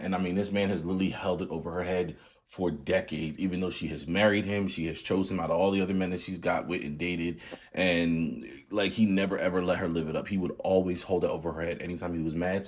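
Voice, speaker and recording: A man in his thirties recounts a painful family memory in a candid, conversational way. His voice sits low and carries a husky edge. He talks in loose slang, as if to friends. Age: 30s. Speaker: channel host. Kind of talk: storytelling vlog.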